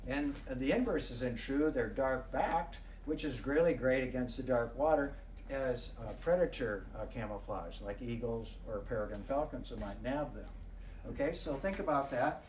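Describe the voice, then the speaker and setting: A man, a wildlife biologist, giving a lively illustrated talk to an audience, chatting, quizzing his listeners and often clearing his throat. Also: mid-range voice, moderate pace. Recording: roomy, distant mic, faint background noise.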